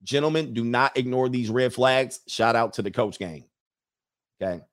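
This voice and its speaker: A man's voice: medium pitch, normal speed. A man in the middle of his voice range talks through a casual livestream. He reads viewer comments aloud and rambles between them, chuckling to himself and searching for the point he was making. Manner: rambling, chuckling, loses his train of thought.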